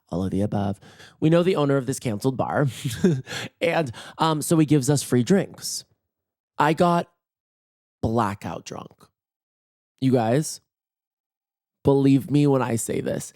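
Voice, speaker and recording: Hoarse campy man, dry close mic. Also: medium pitch, darkish tone, no echo. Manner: playful, campy, self-mocking banter. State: hoarse, voice nearly gone. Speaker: podcast host. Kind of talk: casual solo podcast chat. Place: in bed at night.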